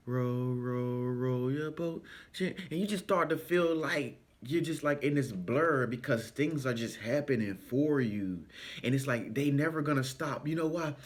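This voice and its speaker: A man speaking in an animated, preachy, sing-song way in a motivational vlog. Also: medium pitch. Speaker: spiritual self-help vlogger.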